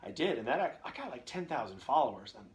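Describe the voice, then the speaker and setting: A young man hosting a live Q&A about voice acting, talking casually and at a middling pitch. He wanders from one anecdote to another, padding his sentences with fillers and restarts. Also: big pitch swings, fast talker. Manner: rambling storyteller, jumps between anecdotes with many fillers. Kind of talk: casual live-stream chat.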